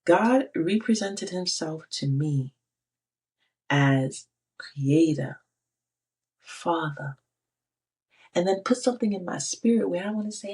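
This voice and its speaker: Casting: middle-aged woman, low husky voice, emphatic testimony speaker who repeats phrases for weight. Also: expressive, measured pace, pauses often, darkish tone. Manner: emphatic, repeats phrases, quotes God in her own voice. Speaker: faith speaker. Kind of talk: personal testimony.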